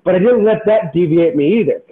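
A high-voiced man in his forties tells a story with driving, motivational intensity. His sound is thin and tinny, as if it came over a phone line. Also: a little fast. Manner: animated, intense, motivational, repeats words when excited. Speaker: podcast guest, former pro baseball player. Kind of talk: storytelling in casual interview.

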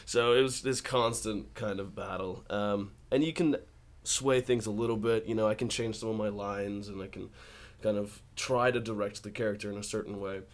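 A man's voice: lowish voice, steady tone, normal speed. A man, an actor guest in a casual interview, telling easygoing stories and laughing often. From born in Australia, raised in Colorado and Texas.

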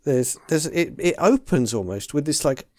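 A man's voice: fairly high pitch, lively intonation, moderate pace, darkish tone, dry recording, clean studio sound. A man from England co-hosting a podcast in casual chat, rambling and searching for words with many restarts. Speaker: podcast co-host.

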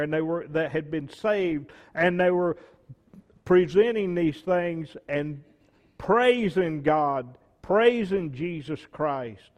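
A man preaching a sermon, reading scripture and explaining it slowly and deliberately, with emphatic bursts on key words. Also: sits high, in a large hall, highs cut off. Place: church sanctuary.

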